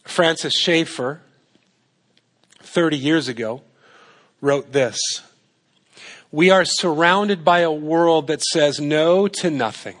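A man's voice: fairly high pitch, slow, long pauses, a bit bright. A man preaching a sermon in a conversational way, asking rhetorical questions and repeating his points for emphasis. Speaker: pastor.

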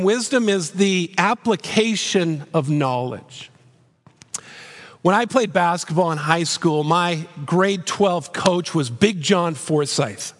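A man in his fifties preaches with earnest emphasis, his voice pitched high for a man. He presses each point with repeated rhetorical questions. The sound carries a long reverb from a large church hall. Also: expressive, takes it slowly. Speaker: pastor. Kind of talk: sermon.

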